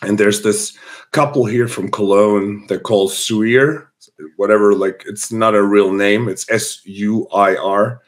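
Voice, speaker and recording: A hoarse man speaks as a podcast guest. His voice sits a little low and sounds rough from illness. He rambles casually, circling back with ums and restarts. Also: fairly even intonation, measured pace. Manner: rambling, many fillers and restarts. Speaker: guest musician. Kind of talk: casual interview chat.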